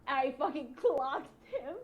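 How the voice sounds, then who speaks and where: A young adult woman co-hosting a podcast, telling a story in a casual, animated, profane way and acting out what people said. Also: high-pitched, slow pace. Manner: animated, profane, acts out quoted voices. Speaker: podcast co-host.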